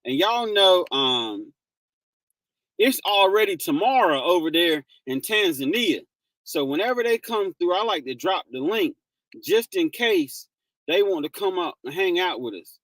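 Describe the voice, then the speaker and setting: A man's voice: sits high, lively intonation, a little slow, a bit bright, no echo. A man hosting a casual livestream, greeting viewers by name and laughing often. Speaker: livestream host.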